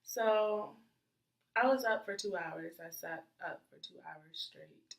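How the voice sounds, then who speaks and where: A young woman telling a casual storytime in a chatty, animated way with lots of fillers and acted-out reactions. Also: mid-range voice, slow pace, creaky, reverberant, rough recording. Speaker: vlogger.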